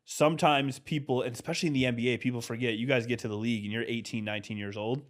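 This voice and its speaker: A man's voice: medium pitch, steady tone, rapid-fire. A man co-hosting a sports podcast, talking frankly and conversationally with lots of "bro" and "like". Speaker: podcast co-host. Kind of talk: casual sports chat.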